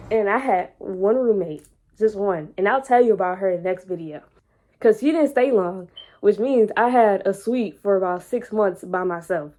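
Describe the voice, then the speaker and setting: A young woman vlogging, telling a personal story casually and animatedly, repeating words and growing loud when excited. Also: medium pitch. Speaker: vlogger and entrepreneur.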